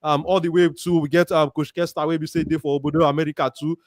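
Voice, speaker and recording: A man from Nigeria, speaking with a Nigerian Pidgin accent, hosts a casual football chat show, reading out viewer comments and giving lively shout-outs. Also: fairly high pitch, quick pace, no echo, studio quality. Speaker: show host. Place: Warri, Nigeria.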